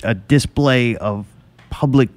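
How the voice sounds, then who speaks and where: A man's voice: medium pitch, slow. A man from Louisiana, hosting a casual podcast chat, swearing and laughing as he tells a story.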